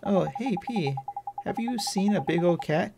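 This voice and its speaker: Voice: mid-range voice, animated, a little slow, creaky. A game player voicing an earnest, hopeful young boy hero, over game music. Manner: earnest, questioning.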